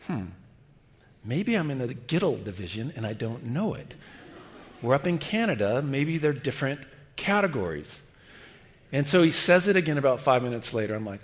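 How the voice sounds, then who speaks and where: A middle-aged man preaching a sermon as guest pastor, telling stories in an animated way and dropping to a hush for pleading lines. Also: medium pitch, moderate pace. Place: large church hall. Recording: long church reverb.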